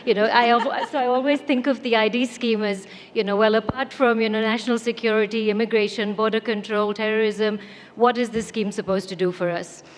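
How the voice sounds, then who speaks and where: A woman's voice: on the high side, fairly even intonation, a little fast, few pauses. A woman from India, a former lawyer speaking on a conference panel, telling a wry anecdote and acting out the quoted exchanges. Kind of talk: storytelling talk on a panel. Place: conference hall. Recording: echoey hall with faint noise.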